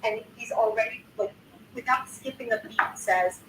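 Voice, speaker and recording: A woman's voice: a little high, normal speed. An older woman in her sixties, a content creator, recounting a video in a casual, indignant way, swearing often and restarting sentences. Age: 60s. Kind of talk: casual recap of a news video. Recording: roomy sound from a distance, faint noise.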